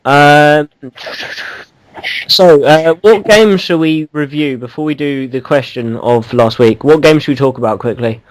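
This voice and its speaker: A man's voice: on the high side, measured pace, slight background noise, rough recording. A man co-hosting a casual gaming podcast, rambling and teasing, with lots of ums and restarts. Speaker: podcast co-host.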